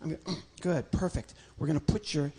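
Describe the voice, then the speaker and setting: A man's voice: on the high side, brisk, warm tone, poor audio. A man doing stand-up comedy with a puppet, joking about himself and chatting to the crowd. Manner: jokey, self-deprecating, talks to crowd. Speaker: comedian and ventriloquist. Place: home, performing to a virtual audience.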